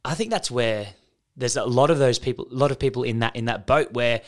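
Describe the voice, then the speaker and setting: A man, co-hosting a podcast, chatty and quick to laugh. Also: mid-range voice. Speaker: podcast co-host. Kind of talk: casual chat.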